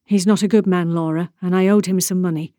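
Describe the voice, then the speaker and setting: Woman reading a quiet man, gentle and evasive, close and dry. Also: on the low side, fairly even intonation, brisk, dry recording, natural voice. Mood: calm. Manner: soft, gentle, mildly reproachful. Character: calm evasive man, returned husband. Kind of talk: audiobook character reading.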